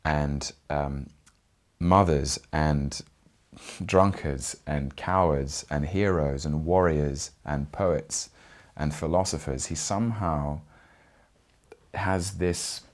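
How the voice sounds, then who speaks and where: A young man from Britain, an actor speaking in an interview, earnest and reflective with frequent pauses. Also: extremely low pitch.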